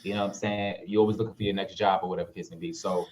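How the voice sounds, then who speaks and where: A man, a guest actor telling stories in a casual interview, relaxed and full of fillers. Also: low-pitched, very fast, rough recording. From Harlem, New York. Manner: laid-back, full of fillers, lively when retelling.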